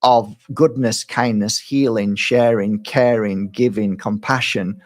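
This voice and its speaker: A man's voice: on the low side, fairly even intonation, slow. A middle-aged man, a spiritual healer and medium, talking casually to his viewers and often rambling, repeating words and restarting his sentences.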